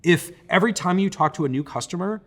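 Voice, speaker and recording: A man's voice: high-pitched, expressive, fast talker. A man co-hosting a casual startup talk, making his points firmly and plainly. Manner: firm, direct, makes points plainly. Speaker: startup advisor, co-host. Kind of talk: casual conversational podcast.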